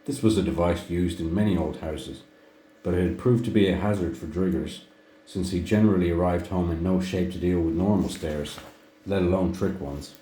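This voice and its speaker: A man reading a book aloud in a measured way, now and then restarting a phrase. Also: low voice, warm tone, a little hiss or hum. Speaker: audiobook reader. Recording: echoey room.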